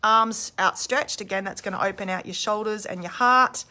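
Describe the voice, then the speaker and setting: Woman in her thirties, casual coach, candid and chatty, bright tone, mid pitch. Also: moderate pace. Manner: chatty, candid, demonstrates screams and sounds aloud. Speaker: emotional release coach. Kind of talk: casual instructional talk. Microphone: phone held in hand.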